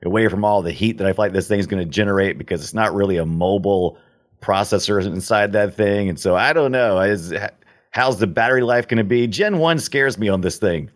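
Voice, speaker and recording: A man's voice: fairly low pitch, a little fast. A man co-hosting a casual chat about games, blunt and opinionated, joking with his co-host. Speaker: podcast co-host. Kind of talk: casual live-streamed chat.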